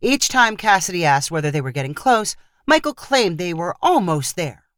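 A woman reading a story aloud as narrator in a steady storytelling manner. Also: lowish voice, normal speed, no echo, studio quality. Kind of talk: scripted narration.

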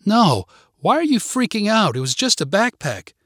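A man voicing a young woman who is upset and demanding, in a higher pitched voice for a read-aloud story. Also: big pitch swings, normal speed, a bit bright, no echo, clean studio sound. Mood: pleading, upset. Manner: high-pitched, insistent.

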